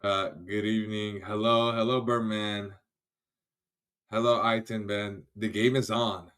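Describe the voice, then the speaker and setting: This host's voice is lowish, smooth and fairly bright, with a flat, unhurried delivery. He runs a casual livestream, greeting viewers by name, laughing readily, and often trailing off before restarting.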